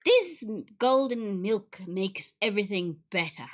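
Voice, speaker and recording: A woman's voice: medium pitch, very animated, a little slow, muffled recording. A woman vlogging casually, playful and theatrical, often squealing in mock panic. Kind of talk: casual chat with filters, playful.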